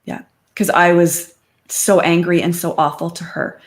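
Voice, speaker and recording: A woman's voice: on the low side, a little slow. A middle-aged woman, a podcast guest, speaking openly and conversationally about her life. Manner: open and conversational, quotes friends in lively voices. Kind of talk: candid personal interview.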